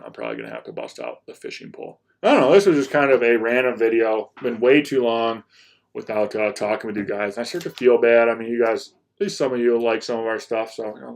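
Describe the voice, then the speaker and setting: A man's voice: mid-range voice, vocal fry, a little mellow. A young man from Michigan who hosts a hunting vlog, talking casually to his viewers and rambling, restarting and repeating words as he goes. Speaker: hunting vlogger.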